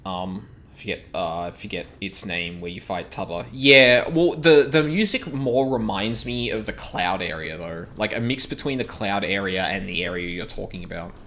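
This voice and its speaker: A man's voice: sits low, expressive, normal speed, few pauses, fairly bright tone, slight background noise. A man streaming a game, chatting casually, swearing now and then, and reading quest text aloud. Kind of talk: casual chat while playing a game.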